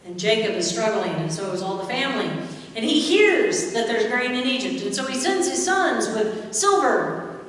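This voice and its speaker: A woman's voice: fairly high pitch, very animated, moderate pace. A woman pastor preaching a sermon, retelling a Bible story with quoted voices and rhetorical questions to the congregation. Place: church sanctuary. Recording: echoey church hall, mic far off.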